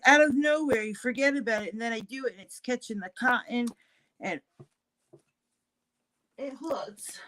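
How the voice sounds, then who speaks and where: A woman's voice: fairly high pitch, low-quality recording. A middle-aged woman hosting a casual craft livestream, rambling as she works and answering viewers in the chat. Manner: rambling, warm toward chat viewers, many restarts.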